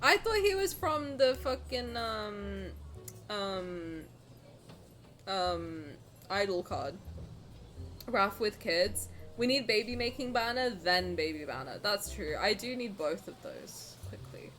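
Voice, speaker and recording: Gushing, excitable young woman streamer. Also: medium pitch, slow, faint music behind. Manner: gushing, excitable, swears freely. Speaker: streamer reacting to a game story. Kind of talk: casual reaction stream with read-aloud.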